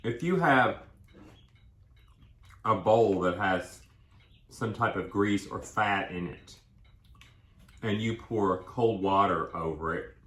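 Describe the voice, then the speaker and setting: A man talks through a meal in a loose, rambling way, chewing between thoughts. His voice sits low, and the room around him rings with echo. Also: a bit bright. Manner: chatty, rambling, talks with food in his mouth. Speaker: co-host of a food vlog. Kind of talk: casual mukbang chat while eating. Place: indoors at a table, eating. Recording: echoey room.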